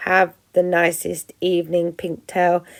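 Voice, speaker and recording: A stiff female robot speaks in slow, careful, overly formal sentences, as a woman reading a storybook puts her on. Her voice sits low with a faint gravelly edge, measured and even.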